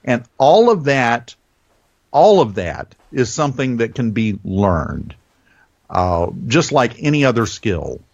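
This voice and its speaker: A man with a softened Southern American accent, a veteteran radio host being interviewed, telling stories and deliberately shifting his speed and pitch. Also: dry recording, lo-fi sound. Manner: animated storyteller, varies speed and pitch deliberately. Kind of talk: conversational podcast interview.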